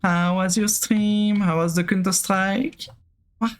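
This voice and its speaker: A man's voice: high-pitched, flat delivery, measured pace, clean tone. A man from Switzerland with a Swiss French accent, chatting casually on a live gaming stream, rambling with many fillers and restarts as he answers chat.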